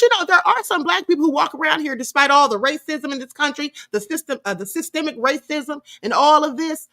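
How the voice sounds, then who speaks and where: A livestream host with a high, pushed, bright voice does casual live commentary while reading chat. She's sassy and scornful, and she laughs often.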